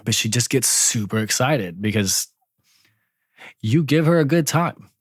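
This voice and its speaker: A man's voice: mid-range voice, lively intonation, measured pace, breathy edge, dry recording, clean studio sound. A man in his thirties, co-hosting a casual podcast chat, telling stories animatedly and swearing freely. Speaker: podcast co-host.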